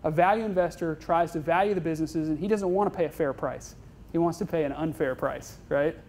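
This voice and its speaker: A man's voice: on the high side, a little fast, darkish tone, slight background noise. A man giving an informal university lecture on investing, chatty and self-deprecating, tagging his points with "right?" and "okay?". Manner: self-deprecating, joking asides. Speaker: guest speaker on investing.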